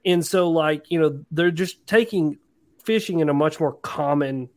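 A man with a somewhat higher voice, talking casually on a podcast. He is animated and self-deprecating, and he tosses in quick asides as he goes. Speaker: podcast co-host, angler. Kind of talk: casual chat.

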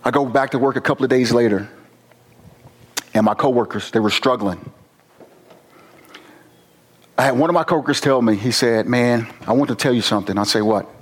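A man from Virginia, a former police officer, giving an earnest, emotional personal testimony with slow pauses. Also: medium pitch. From Virginia, USA.

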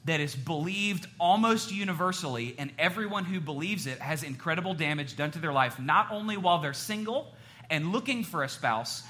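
A middle-aged man preaching a sermon as a pastor, telling stories in an animated way and joking with the audience. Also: a little high, moderate pace.

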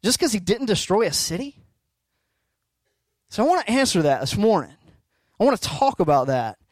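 High-voiced conversational male preacher. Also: sing-song, moderate pace, no room sound. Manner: conversational, emphatic, rhetorical questions. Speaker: pastor. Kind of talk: sermon.

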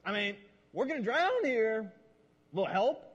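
A man playing an impatient disciple bailing a boat who turns sarcastic and accusatory toward his sleeping Lord. The voice sits high and swings widely in pitch. It rings out with the long reverb of a large hall. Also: sing-song, a little slow, muffled recording, full character voice.

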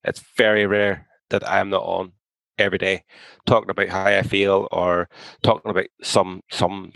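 A man's voice: on the low side, fairly bright tone, no echo, low-quality recording. A young man speaking candidly as a podcast guest, blunt and outspoken, swearing freely. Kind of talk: candid conversation.

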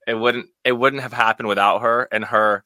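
A man's voice: mid-range voice, fairly even intonation, normal speed, bright, forceful tone, dry recording. A man in his twenties, a podcast guest, telling a story in a wry, self-mocking way, with lots of "like". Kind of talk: casual storytelling.

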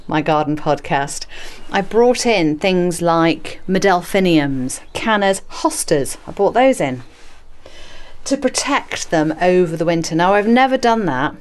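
A woman hosting a gardening podcast from her greenhouse, chatty and self-mocking with playful asides. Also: lowish voice. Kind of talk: casual gardening podcast chat. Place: garden and small greenhouse, outdoors.

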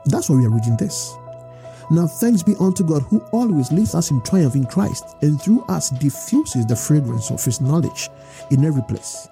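A man preaching a sermon, emphatic, reading scripture slowly and urging his listeners. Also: fairly high pitch, big pitch swings, mellow, soft background music. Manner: emphatic, repeats scripture slowly and exhorts the congregation.

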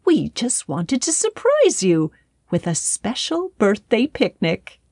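A woman voicing a kindly mother duck in a storybook, warm and reassuring. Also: medium pitch, wildly swooping pitch, slow pace, breathy edge, dry recording, clean studio sound, full character voice.

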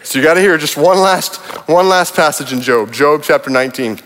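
A man's voice: on the high side, expressive, fairly quick, a bit bright, big-room sound. A man preaching a sermon as pastor, reading scripture aloud and building to urgent appeals. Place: large church auditorium.

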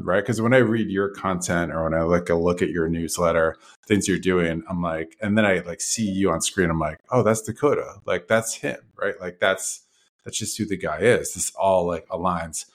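Male podcast host, low voice, rambling hedged questioner. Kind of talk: casual podcast interview.

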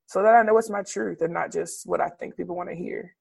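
A woman preacher and teacher reflecting candidly in conversation, animated and expressive, laughing often. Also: on the low side, fast talker, vocal fry, slightly rough.

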